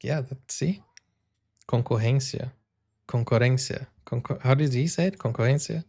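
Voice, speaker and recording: A man's voice: medium pitch, moderate pace, gravelly, a little mellow. A man hosting a video reaction channel, chatting casually and wondering aloud as he tries out words. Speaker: YouTube reaction host.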